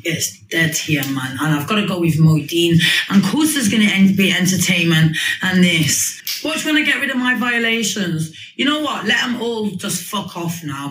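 A woman's voice: low voice, a bit bright, echoey room, a little hiss or hum, rough recording. Erratic, boastful woman streaming. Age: 40s. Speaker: livestreamer. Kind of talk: rambling livestream chat.

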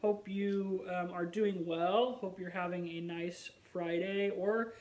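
A man's voice: sits high, little pitch movement, takes it slowly, a little mellow, rough recording. A man vlogging in a casual chat to the camera, rambling and musing aloud with wry, self-mocking humor.

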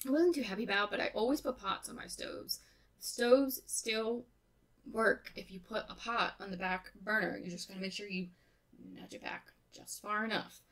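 Woman in her thirties, casual voice-over, rambling, chatty, tired. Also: fairly high pitch. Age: 30s. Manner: relaxed, rambling, chatty with fillers. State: tired, winding down. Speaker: game build creator. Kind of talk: casual voice-over narration of a build.

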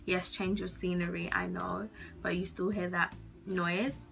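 A woman's voice: fairly low pitch, flat delivery, a little slow, creaky, a bit bright, soft background music. A young woman chatting to camera from her bedroom, gushing and giggly with casual slang, a little nervous. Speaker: vlogger.

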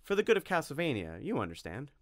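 A man voicing an eager, stubborn young boy in a storybook reading, pitching his voice up. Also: wildly swooping pitch, fast, no echo, studio quality.

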